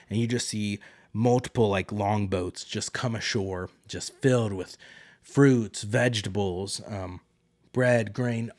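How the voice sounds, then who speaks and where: A man's voice: on the low side, dry recording. A young man hosting a podcast alone, chatting through a recap in a rambling way and acting out quotes. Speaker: podcast host. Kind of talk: solo casual recap.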